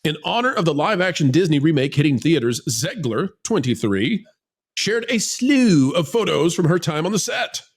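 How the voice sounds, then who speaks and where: A man's voice: a little high, big pitch swings, moderate pace, slightly rough. A man hosting an entertainment commentary show, mocking and theatrical, reading news articles aloud with sarcastic asides. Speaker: host of entertainment commentary channel.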